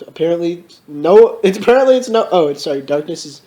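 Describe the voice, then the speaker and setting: A man's voice: high voice, animated, quick pace, warm tone. A young man doing a comedic dramatic reading of a badly written story, mocking it, swearing freely and laughing. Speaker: comedic reader.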